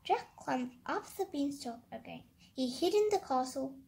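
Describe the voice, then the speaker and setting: A child reading a picture book aloud, slowly and carefully, stopping to describe the pictures. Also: high-pitched, lively intonation, gravelly, darkish tone. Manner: slow careful reading, halting comments. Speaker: story reader.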